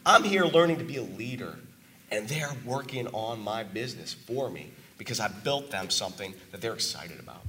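Guy telling his story to a crowd, earnest and choked up, bright edgy voice, a bit worn out. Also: lowish voice, lively intonation, normal speed, a little hiss or hum. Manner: earnest and emotional, with emphatic asides. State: voice worn from talking a lot. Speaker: business owner giving a testimonial. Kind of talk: testimonial speech to a live audience.

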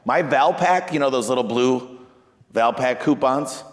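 In a large hall, a man who runs a business talks at a measured pace but with plenty of energy about marketing and sales. His animated stories include customers' words performed in a raised, higher voice.

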